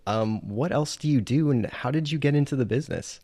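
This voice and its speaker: A man co-hosting a casual podcast, talking in a dry, deadpan way. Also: mid-range voice, a little fast, no room sound. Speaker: podcast co-host.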